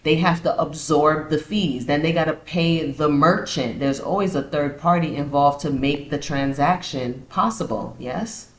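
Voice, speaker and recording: A woman's voice: low-pitched, unhurried, few pauses. A woman hosting a podcast, reading points aloud and then riffing on them with sarcastic asides. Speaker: podcast host. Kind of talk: casual commentary podcast. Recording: roomy echo.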